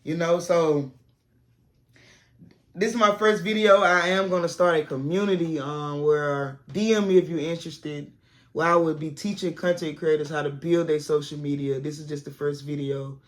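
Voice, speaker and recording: Speaking at normal speed in a low, relaxed voice, a down-home woman gives plain, encouraging advice to camera in a casual vlog. She used to teach and now creates content full-time from a home set dressed as a classroom.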